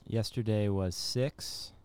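A man's voice: lowish voice, slow pace, over music. A man co-hosting a podcast, teasing and swearing his way through casual banter. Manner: profane, teasing, animated. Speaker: podcast co-host.

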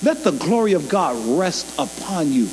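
A man preaches with a high, lively voice that leaps up and drops down. His folksy, colloquial sermon keeps turning to the crowd for call-and-response. Long hall reverb rings around him over a faint mains hum. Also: moderate pace. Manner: colloquial, loose grammar. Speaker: pastor.

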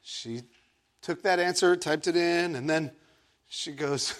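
A man from Egypt preaching a sermon, telling a story in an animated, playful way with self-mocking asides. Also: a little high, slow pace. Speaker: pastor.

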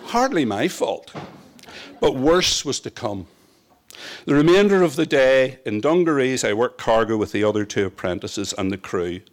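A man from Northern Ireland reading his own memoir aloud in a wry, reflective storytelling manner. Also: mid-range voice. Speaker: narrator. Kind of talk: first-person memoir reading.

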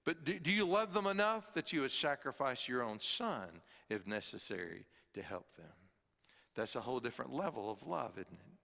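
A middle-aged man preaching a sermon as pastor, earnest, swinging from emphatic high peaks to quiet low drops. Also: expressive, moderate pace, gravelly. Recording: long hall reverb.

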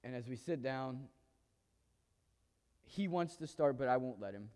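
A man telling a personal story to an audience in a conversational way, acting out the quoted dialogue with lively energy. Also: medium pitch, measured pace. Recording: long hall reverb.

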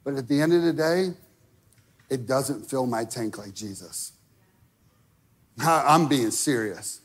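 A man preaching a sermon in a church, talking casually with lots of "like", rising to shouted peaks and dropping to quiet asides. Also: medium pitch, expressive, takes it slowly. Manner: casual wording with many fillers like "like". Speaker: pastor. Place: church sanctuary.

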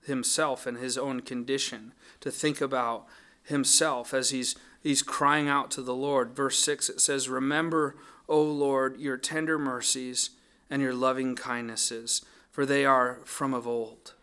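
A man's voice: mid-range voice, little pitch movement, a little slow, bright, forceful tone, smooth. A man preaching a sermon, earnest and thoughtful, often restarting his phrases as he works through a psalm. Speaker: pastor.

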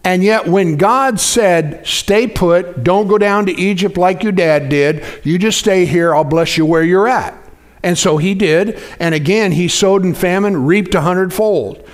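A man's voice: high-pitched, measured pace. Older man preaching conversationally. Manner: conversational preaching with frequent restarts and questions to the congregation. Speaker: pastor. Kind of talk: sermon.

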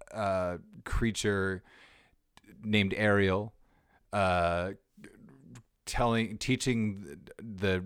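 Very deep-voiced chatty male podcast host. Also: no echo, studio quality. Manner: chatty, rambling with fillers and restarts. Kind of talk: casual podcast chat. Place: small black box theater backstage. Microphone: portable recorder.

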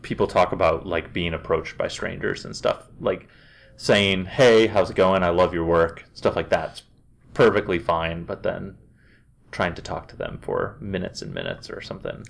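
Casting: Canadian guy, very low voice, jokey co-host who laughs a lot. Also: fairly even intonation, normal speed, gravelly. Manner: laughs often, teasing. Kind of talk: casual chat.

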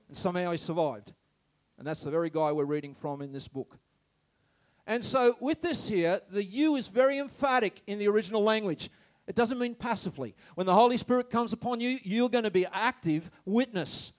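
A man preaching a sermon, animated, shouting some phrases and dropping to quiet asides, stammering when excited. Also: sits high. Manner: animated, swings between loud shouts and quiet asides, laughs often.

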